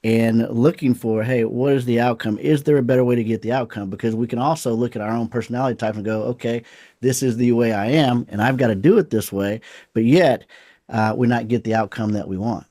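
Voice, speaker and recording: A man's voice: mid-range voice, fairly quick, no room sound. Podcast co-host guy, laid back, keeps saying right, dry mic. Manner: frequent short affirmations, relaxed and reflective. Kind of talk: casual podcast chat.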